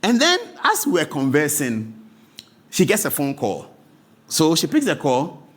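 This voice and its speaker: A man's voice: on the high side, wildly swooping pitch, measured pace, a bit bright. A man in his forties with a Ghanaian accent, telling a story as a host, often laughing and stumbling over repeated words. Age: 40s. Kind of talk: animated storytelling monologue.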